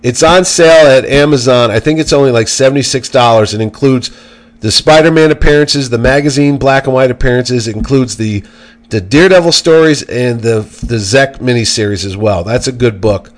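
A podcast co-host speaks in a brisk, medium-pitched male voice. Chatting casually, he tells a story with animation and acts out the people in it, performing their quotes.

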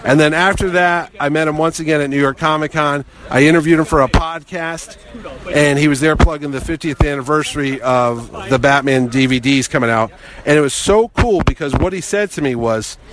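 A middle-aged man telling a long anecdote in a casual way, animated and acting out other people's lines. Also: a little high. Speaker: guest telling stories.

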